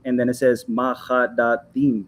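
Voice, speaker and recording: A man in a casual heated debate, arguing his point, reading text aloud slowly and calling the other man "bro". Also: medium pitch, darkish tone, slightly rough, low-quality recording.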